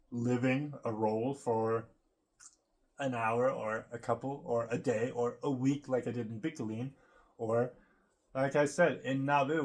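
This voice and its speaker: Chatty man musing aloud to camera. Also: mid-range voice. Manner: meandering, full of fillers, laughs often. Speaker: vlogger. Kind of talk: casual rambling monologue to camera.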